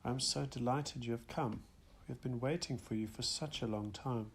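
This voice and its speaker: A man reading as a gentle spirit grandmother. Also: medium pitch, normal speed, a little hiss or hum, close to an everyday voice. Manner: soft and delighted.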